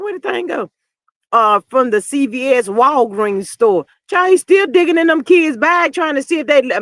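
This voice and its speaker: A woman hosts a casual gossip stream, blunt and sassy. Her voice is high and bright, and it jumps between loud outbursts and low mutters. The sound is dry and close. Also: no room sound. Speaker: livestream host. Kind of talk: casual gossip commentary reading live chat.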